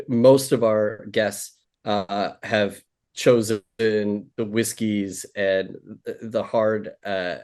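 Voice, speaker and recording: A man with a fairly low voice hosts a relaxed interview. He sounds friendly, pausing often on uhs and restarting his sentences. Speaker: podcast host. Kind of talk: casual interview chat.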